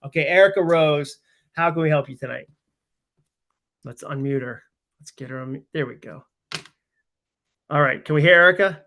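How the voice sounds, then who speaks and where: A man in his forties hosting a live webinar, telling stories in an animated, rambling way full of "like" fillers. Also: fairly high pitch, normal speed, long pauses. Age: 40s. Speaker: host. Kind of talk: casual storytelling on a live webinar.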